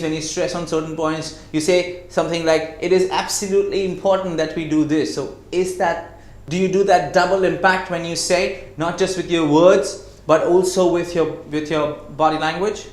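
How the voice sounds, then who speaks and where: A man giving a lesson on communication skills, who slows down to stress his words and keeps asking the listener rhetorical questions. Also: fairly high pitch, fairly even intonation. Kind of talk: classroom-style lecture. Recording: echoey room.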